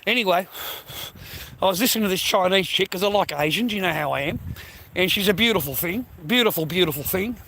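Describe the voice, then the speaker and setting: A man's voice: sits high, lively intonation, fast, creaky, sharp tone, a little hiss or hum, rough recording. A man with an Australian accent, talking to his phone in a loose, rambling way while out walking, swearing freely and calling listeners mate and bro. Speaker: vlogger. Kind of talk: rambling casual monologue to camera.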